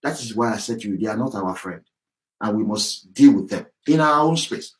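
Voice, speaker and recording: A man's voice: on the low side, animated, a little fast, rough recording. A man from southwest Nigeria, delivering an angry, emphatic political monologue as a campaigner. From southwest Nigeria (Yorubaland). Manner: angry, ranting, emphatic, repetitive.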